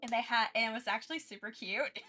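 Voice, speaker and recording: A woman's voice: fairly high pitch, fast, pushed and bright, soft background music. A woman streamer chatting casually during her art livestream, rambling with many restarts and frequent giggles.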